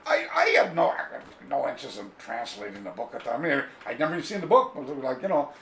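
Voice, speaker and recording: In an echoey room at his home with faint ambience, an animated man tells stories quickly in a medium-pitched voice. He's a karate author being interviewed, storytelling casually, going off on tangents, and mimicking the people in his tales.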